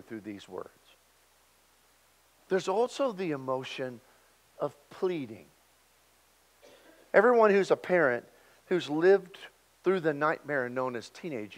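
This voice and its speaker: A man preaching a sermon, swinging from loud emphasis to hushed, quiet asides. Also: on the high side.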